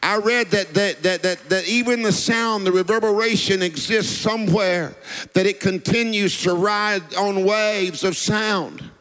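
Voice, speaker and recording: A man's voice: sits high, measured pace, a bit bright, big-room sound. A man, preaching a sermon in a rhythmic, sing-song cadence and calling out to the congregation. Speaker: pastor.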